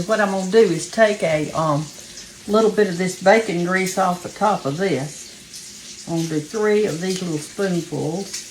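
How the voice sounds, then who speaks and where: A woman's voice: fairly low pitch, slight background noise, poor audio. A Southern woman hosting a home cooking show, chatting folksily with her viewers as she cooks and sounding a little out of breath. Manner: folksy and chatty, talks straight to viewers as "y'all". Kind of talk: casual cooking demonstration. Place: home kitchen. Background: faint frying sizzle.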